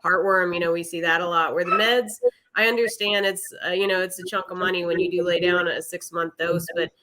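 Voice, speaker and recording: A woman's voice: on the low side, steady tone, a little fast, bright, forceful tone, poor audio. A woman from an animal shelter chatting on a podcast, explaining pet care in a friendly, easygoing way. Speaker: animal shelter staff member. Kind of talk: informative podcast chat.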